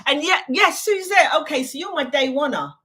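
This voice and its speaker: Casting note: English woman, somewhat high voice, rambling live-stream host chatting with viewers. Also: expressive, moderate pace, sharp tone, a little hiss or hum. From United Kingdom. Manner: chatty and rambling, reading viewer comments aloud. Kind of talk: unscripted live Q&A chat.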